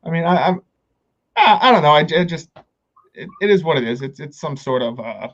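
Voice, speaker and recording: A man's voice: fairly high pitch, animated, a little fast, a bit bright. Male podcast host, loose and profane, stumbling restarts, slightly dull audio. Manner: rambling, profane, many restarts. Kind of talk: casual chat.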